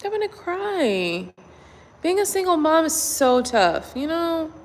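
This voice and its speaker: A woman chats casually with her viewers, blunt and salty, cursing freely. Her pitch swings widely and lively as she talks. A long reverb trails behind her voice. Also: slow pace, slight background noise. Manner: blunt, profane, animated. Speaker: tarot reader. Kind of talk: casual chat with live viewers. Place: indoors at home at night.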